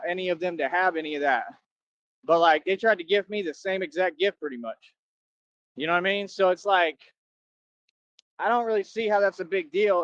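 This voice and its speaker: A man's voice: sits high, no room sound. A man rambling and bragging in a casual livestream rant, often tacking on "right?". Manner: boastful, rambling, keeps asking "right?". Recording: dull lo-fi dry sound.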